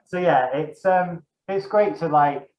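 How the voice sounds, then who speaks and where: A young man, a dungeon master, chatting casually as an interview guest in a rambling way, correcting himself and filling gaps with ums. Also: on the high side. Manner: rambling, self-correcting, many fillers. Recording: echoey, dull lo-fi room sound.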